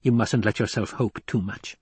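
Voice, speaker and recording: A man's voice: lowish voice, fairly even intonation, normal speed, breathy edge, dry recording. Man doing a stern old woman elder. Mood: gentle. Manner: commanding and clipped, softening at times. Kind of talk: audiobook character reading.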